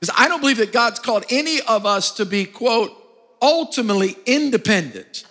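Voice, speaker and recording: A man's voice: very high voice, lively intonation, fairly quick, sharp tone, big-room sound. A male pastor preaching a sermon, emphatic, prompting his congregation to answer back. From United States. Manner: emphatic, call-and-response with the congregation.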